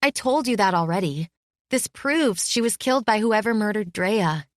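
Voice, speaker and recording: A woman's voice: mid-range voice, lively intonation, moderate pace, no echo, studio quality, natural voice. A woman voicing a young female student, earnest and indignant, defiant while scared.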